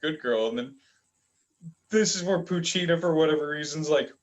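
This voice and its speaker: A man's voice: on the high side, moderate pace, highs cut off. A man casually recapping manga chapters as a reviewer, rambling with lots of fillers. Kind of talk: casual chat.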